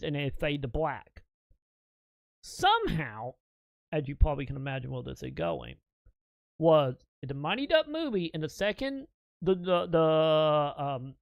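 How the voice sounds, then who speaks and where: A man in his thirties talks to his stream chat with a slightly high voice, rambling through a story with plenty of swearing and restarts. The sound is close and dry, with no room around it. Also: fairly bright tone, no echo. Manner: profane, rambling, laughing storyteller.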